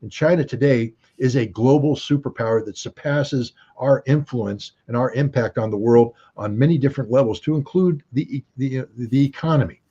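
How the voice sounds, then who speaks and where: A man's voice: medium pitch, moderate pace, few pauses, mellow, breathy edge. An American man giving emphatic, argumentative commentary as an interview guest, fond of rhetorical questions, on dull lo-fi call audio. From United States.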